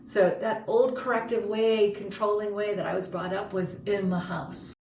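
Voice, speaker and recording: Animated woman telling stories in a roomy space. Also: mid-range voice, normal speed. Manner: expressive, acts out quoted dialogue. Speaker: podcast co-host. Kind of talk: candid personal storytelling. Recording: roomy, distant mic with background noise.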